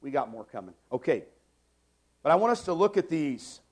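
Pastor, man, 40s, slightly high voice, emphatic sermon delivery, repeats key lines, loud-soft swings. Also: big pitch swings, moderate pace. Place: church sanctuary.

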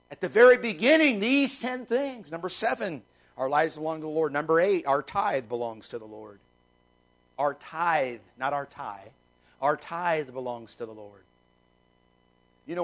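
A man preaching a sermon with a high voice roughened by gravel. He drives points home by repeating phrases, pushing his voice up loud and then dropping it low. His delivery is emphatic throughout. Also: low-quality recording. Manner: emphatic preaching with wide swings in pitch and loudness. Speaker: pastor.

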